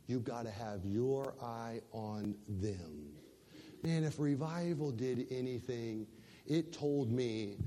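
A man preaching a sermon as pastor, emphatic, swinging between loud passages and soft ones and repeating words as he builds. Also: medium pitch. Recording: long hall reverb.

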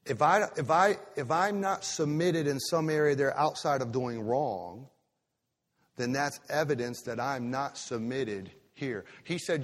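A male pastor preaching a sermon, drawing words out for emphasis and breaking into sudden loud rises. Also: mid-range voice, unhurried, big-room sound.

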